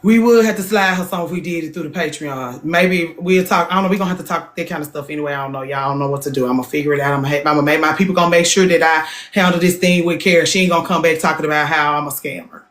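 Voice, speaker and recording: A woman's voice: very fast, few pauses. A woman hosts a casual livestream chat, speaking bluntly and animatedly. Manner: blunt and animated, jumps into higher voices for emphasis. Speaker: podcast host.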